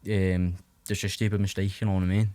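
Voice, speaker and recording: A young man from Liverpool, England, with a Scouse accent, tells stories casually as a podcast guest, rambling with heavy filler, restarts, and free swearing. His deep, dark voice moves little in pitch and runs fast, recorded with no echo.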